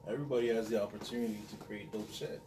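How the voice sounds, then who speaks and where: A man's voice: fairly low pitch, steady tone, dark tone, a little hiss or hum. Reflective man on a roomy podcast. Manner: measured, reflective takes. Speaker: father. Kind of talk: casual podcast chat. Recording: roomy room, distant mic, faint ambience.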